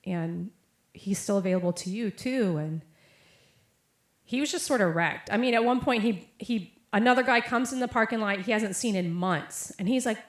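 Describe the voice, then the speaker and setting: A woman's voice: medium pitch, moderate pace. Young adult woman, chatty preacher with storytelling style; echoey hall. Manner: casual storytelling with many fillers and quoted voices. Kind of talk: sermon with personal story. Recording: echoey room.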